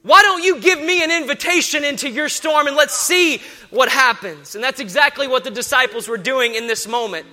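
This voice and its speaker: A pastor in his thirties delivers a sermon in an unusually high voice, with hammering repetition. His tone is intensely bright and cutting. He preaches with fervent conviction. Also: normal speed, few pauses.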